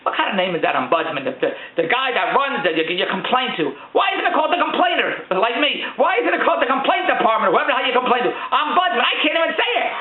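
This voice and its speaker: Older man, comic rant, high voice, lively and exasperated, fast talking, tinny echoey recording. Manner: exasperated, acts out both sides of the conversation. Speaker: storyteller venting about his bank.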